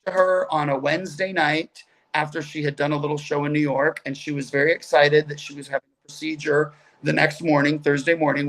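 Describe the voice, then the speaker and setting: Chatty man with a gravelly voice. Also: fairly high pitch. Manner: animated, chatty, quick asides. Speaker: guest comedian. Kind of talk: casual storytelling on a video call. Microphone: video call.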